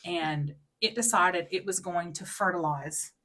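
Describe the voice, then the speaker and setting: A woman in her thirties, a podcast co-host, telling a story in casual chat with many fillers and acted-out quotes. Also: unhurried. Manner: acts out quotes in a high, loud voice.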